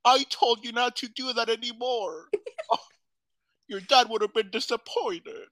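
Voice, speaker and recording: A man's voice: very high-pitched, measured pace, a bit bright, no echo, pitched above the performer's own voice, rough recording. A man putting on the voice of a glamorous, doting older diva woman, drawling and affectionate. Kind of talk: impression in podcast banter.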